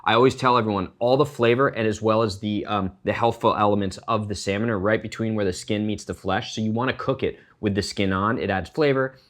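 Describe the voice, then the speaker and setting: Man, middle-aged, fairly low voice, casual cooking show host, chatty explainer. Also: steady tone, fairly quick, few pauses, a bit bright. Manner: chatty, explains as he cooks, jokey tangents.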